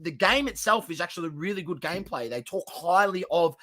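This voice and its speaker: Bright-voiced stammering man. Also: sits high, lively intonation, fairly quick. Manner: stammering restarts, explanatory. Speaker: podcast co-host. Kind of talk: casual chat.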